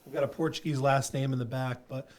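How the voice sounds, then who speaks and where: A man's voice: mid-range voice, little pitch movement, fast, darkish tone. A man co-hosting a podcast, joking and teasing his guest in casual banter. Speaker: podcast co-host.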